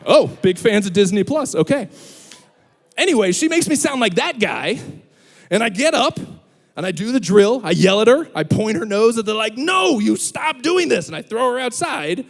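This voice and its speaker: A man's voice: high-pitched, moderate pace, vocal fry. A young man giving a humorous sermon as student pastor, telling stories and acting out voices. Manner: animated storyteller, acts out voices. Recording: long hall reverb.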